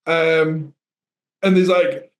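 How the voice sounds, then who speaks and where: Man, northern English accent, casual podcast chat, high pitched, echoey room. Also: extremely slow. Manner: laughing, animated retelling of film scenes. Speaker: podcast co-host.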